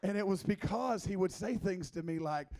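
High, gravelly-voiced playful preacher. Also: male voice, moderate pace. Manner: playful, teasing, lively asides. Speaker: guest preacher. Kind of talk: joking, conversational sermon.

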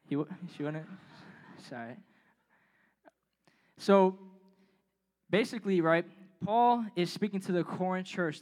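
High-voiced young man preaching casually. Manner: slangy, joking, reads scripture aloud with emphasis. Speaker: youth preacher. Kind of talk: casual youth sermon.

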